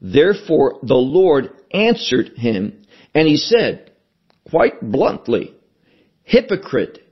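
A man preaching a sermon, slow and emphatic, repeating his key phrases as he teaches from scripture. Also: mid-range voice, sing-song, husky, highs cut off. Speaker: pastor.

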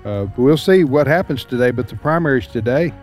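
A man hosting a political talk radio show, speaking haltingly with many fillers. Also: mid-range voice, lively intonation, a little mellow, faint music behind.

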